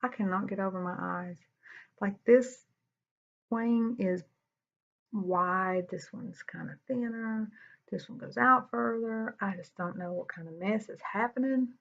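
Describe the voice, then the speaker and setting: A woman's voice: mid-range voice, a little slow, gravelly. A woman, chatting candidly through a makeup tutorial as a beauty vlogger. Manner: chatty, candid, says y'all a lot. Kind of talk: casual makeup tutorial chat. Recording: dull lo-fi sound.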